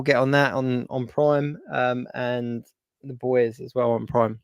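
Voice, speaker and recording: A man's voice: medium pitch, measured pace, no echo. Man hosting, dry close sound. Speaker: show host. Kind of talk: casual live-stream chat. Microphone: video call.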